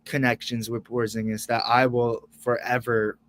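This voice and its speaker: A man's voice: medium pitch, little pitch movement, normal speed, a bit bright, a little hiss or hum. A young man reacting live as co-host of a sports fan show, emotional and rambling, restarting and repeating words.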